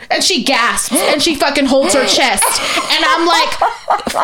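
High-voiced woman telling a story. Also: slow pace, crowd noise. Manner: animated, profane, acts out quoted people. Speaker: podcast co-host. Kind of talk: casual storytelling chat. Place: podcast studio.

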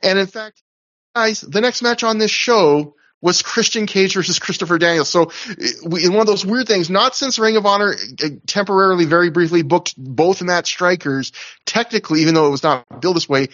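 Male podcast host, slightly high voice, dull lo-fi recording, rambling casual recap. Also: a bit bright. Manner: chatty, recounting with asides and laughs.

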